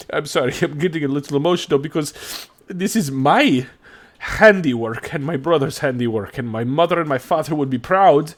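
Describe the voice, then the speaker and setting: A man's voice: a little high, pitched above the performer's own voice. A man voicing a grateful male craftsman in a tabletop game who is choked up and tearful, stumbling over his words. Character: grateful male craftsman NPC, emotional, formal.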